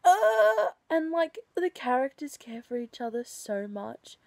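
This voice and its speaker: A young woman talking casually to the camera at home late at night about the book she is reading, excitable and saying "like" a lot. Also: on the high side, unhurried, no room sound. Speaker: book vlogger.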